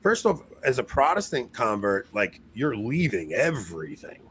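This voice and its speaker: Animated rambling man on a podcast. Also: medium pitch, moderate pace, a little hiss or hum. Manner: rambling, animated, self-mocking laughs. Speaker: podcast co-host. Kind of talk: casual chat.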